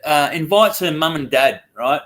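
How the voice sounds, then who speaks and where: A slightly high-voiced Australian man in his forties speaks at a moderate pace as a podcast co-host, bluntly swearing his way through animated stories in casual conversation. A faint hiss or hum is audible.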